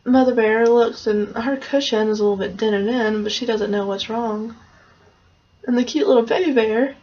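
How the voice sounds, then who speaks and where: A woman's voice: fairly high pitch, steady tone, moderate pace, dark tone. A woman casually retelling a fairy tale in a loose, conversational way, on a dull lo-fi recording. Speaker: storyteller.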